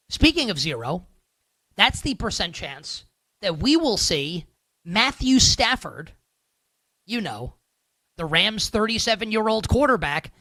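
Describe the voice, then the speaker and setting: A man's voice: sits high, pushed and bright, dry recording, clean studio sound. A man from the northern United States hosting a sports betting show, talking casually with lots of fillers and sarcastic asides. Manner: rambling, filler-heavy, sarcastic.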